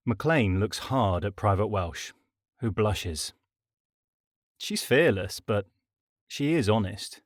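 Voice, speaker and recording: A man narrating his own comic audiobook in a wry, deadpan style. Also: on the low side, takes it slowly, pauses often, dry recording, clean studio sound. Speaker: author and narrator. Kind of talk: scripted comedic audiobook narration.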